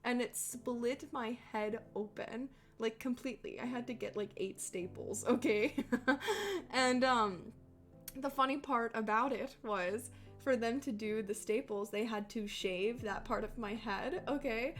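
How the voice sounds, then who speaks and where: A young woman with a somewhat high voice rambles through a story in relaxed, filler-heavy chat, laughing often and swearing freely. Soft music plays faintly underneath. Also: a little slow. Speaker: streamer reading chat. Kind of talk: casual chat.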